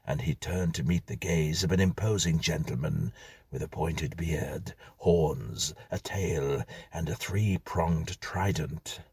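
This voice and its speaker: A man reading a whimsical story aloud in a measured, dry-humored manner. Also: rumbling low, vocal fry, darkish tone, slightly rough, no echo. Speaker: narrator. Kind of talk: scripted storytelling.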